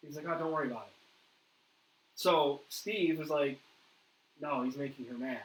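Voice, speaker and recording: A man hosting a paranormal interview, telling a ghost story in a lively way and acting out what others said. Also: on the high side, moderate pace. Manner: animated storyteller, acts out quoted dialogue. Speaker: paranormal investigator host. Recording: echoey room with faint noise.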